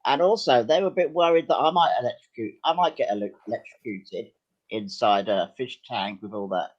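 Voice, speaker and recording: Older man telling lively anecdotes, dull recording. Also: mid-range voice, brisk. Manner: lively, self-deprecating anecdotes with hesitations. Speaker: guest actor and writer. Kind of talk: casual chat, storytelling.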